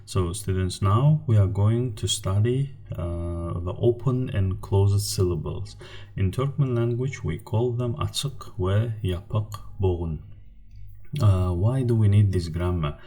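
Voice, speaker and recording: A man teaching a lesson at an unhurried pace. His voice is low, mellow and a little husky. He patiently says each example word twice. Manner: patient, repeats example words slowly. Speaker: language teacher. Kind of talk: slide-based language lesson.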